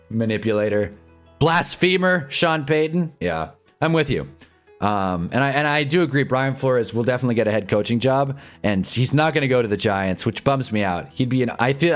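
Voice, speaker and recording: Rambling man hosting a football stream. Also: fairly low pitch. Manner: rambling, sarcastic, gets loud and excited over plays. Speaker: live football stream host. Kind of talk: casual live commentary, reading chat.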